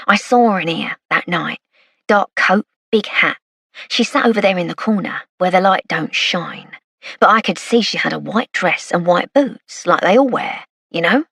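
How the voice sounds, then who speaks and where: A man's voice: sits high, animated, moderate pace, creaky, sharp tone, husky, no echo, clean studio sound, full character voice. A woman voicing a sly, leering male informant from London's East End in an audiobook, with a cocky, wheedling manner. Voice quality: cackling laugh, wheedling banter. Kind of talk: audiobook character voice.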